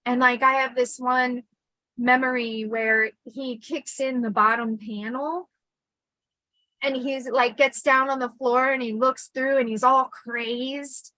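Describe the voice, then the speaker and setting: A woman hosting a casual storytelling livestream, chatty and animated with lots of fillers. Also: high-pitched, takes it slowly, no room sound, rough recording. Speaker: host.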